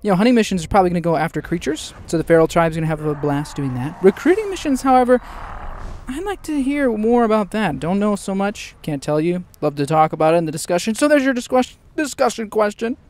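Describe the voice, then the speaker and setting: A man hosting a casual game news show, excitable and jokey, tossing in quick asides. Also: high voice. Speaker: gaming news host.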